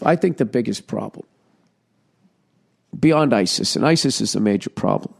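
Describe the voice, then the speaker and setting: Gravelly profane ranting man. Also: medium pitch, expressive, moderate pace, long pauses. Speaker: podcast host. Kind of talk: rambling comedic monologue.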